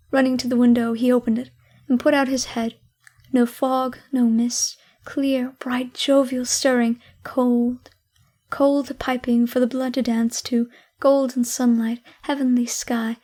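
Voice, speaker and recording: High-voiced woman narrating a classic story. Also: darkish tone. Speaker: audiobook narrator.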